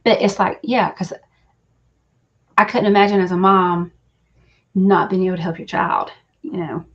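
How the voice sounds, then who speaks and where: A woman's voice: fairly low pitch, fairly even intonation, normal speed, a bit bright. Emotional woman on a stream. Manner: emotional, confiding, says y'all, breaks into laughs. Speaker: reader on a live show. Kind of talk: live stream talk with viewers. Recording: slightly dull, lo-fi stream audio.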